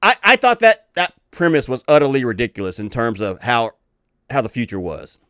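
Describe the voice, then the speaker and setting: A man's voice: medium pitch, expressive, a little fast, pushed and bright, no echo, studio quality. A middle-aged man hosting his own channel, ranting angrily with lots of cursing in a profane commentary. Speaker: channel host.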